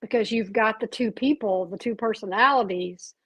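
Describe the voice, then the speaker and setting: A woman's voice: mid-range voice, normal speed, husky, no room sound, poor audio. A woman hosting an interview, earnestly summing up points with some restarts. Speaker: host. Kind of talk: casual interview.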